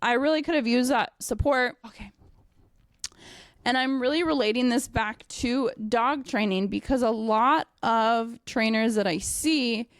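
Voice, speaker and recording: A young woman and dog trainer telling a casual story, animated, with many fillers and frequent swearing. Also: fairly high pitch, a little slow, no echo, clean studio sound. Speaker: dog trainer and company owner.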